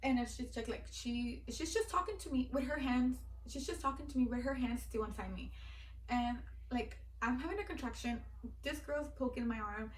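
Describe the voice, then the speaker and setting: A woman's voice: on the high side, moderate pace, reverberant, slight background noise. Young woman vlogger, emotional, filler-heavy storytelling, recorded from a distance. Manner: filler-heavy, heartfelt, repeats "like". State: teary-eyed. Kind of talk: personal storytelling.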